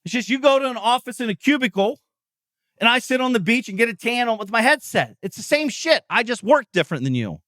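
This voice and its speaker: A middle-aged man hosting a podcast, delivering an intense, profane motivational monologue, often yelling. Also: very high voice, very animated, fairly quick, no room sound, clean studio sound. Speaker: podcast host.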